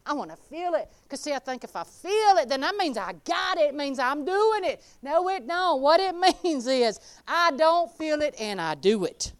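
A woman delivers a casual sermon, her voice pitched high. She talks in a folksy, animated way and calls out people in the congregation by name. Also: normal speed, few pauses. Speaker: preacher. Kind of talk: informal sermon.

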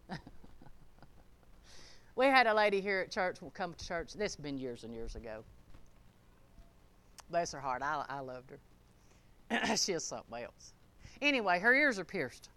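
Woman preacher, folksy, emphatic sermon, bright, crisp voice. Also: a little high.

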